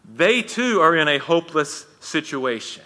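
Bright-voiced male preacher, echoing hall. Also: a little high, sing-song, unhurried. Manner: conversational, with frequent restarts and folksy asides. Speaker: pastor. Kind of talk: sermon. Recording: long reverb in a hall.

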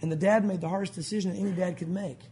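A man preaches to a congregation at a church service with urgent, impassioned emphasis. His voice is high and his delivery rapid, driving hard through each point. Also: fairly even intonation, mellow. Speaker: pastor. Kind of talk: sermon.

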